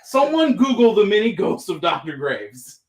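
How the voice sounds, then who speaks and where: In a casual live sales chat, a Southern American man reads out items and jokes along the way. He is very animated, his voice sitting high, and he talks at normal speed.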